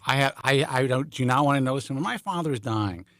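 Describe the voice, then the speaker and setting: A man's voice: mid-range voice, lively intonation, a little fast, a bit bright, no room sound, clean studio sound. A man co-hosting a call-in show, telling stories in blunt, profane casual chat. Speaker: co-host.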